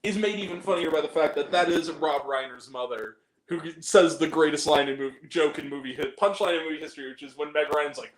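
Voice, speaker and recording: A man's voice: fairly high pitch, fast talker, few pauses. A man hosting a casual chat, joking crudely and laughing often. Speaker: podcast host. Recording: roomy echo.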